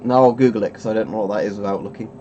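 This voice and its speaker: A man's voice: fairly low pitch, very fast, a little mellow, highs cut off, a little hiss or hum. A man hosting a casual webcam stream, rambling and chuckling as he keeps interrupting himself. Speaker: streamer host.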